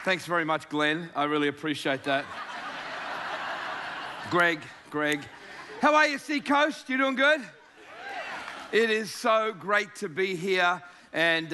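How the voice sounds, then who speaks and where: A man's voice: on the high side, background noise. An Australian man in his fifties, a guest preacher giving a jovial, joking sermon to a church crowd.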